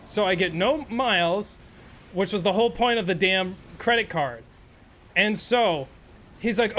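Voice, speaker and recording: A man's voice: sits high, animated, measured pace, a bit bright. A man streaming a game and telling a rambling, profane, sarcastic story in casual chat. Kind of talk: casual storytelling while gaming.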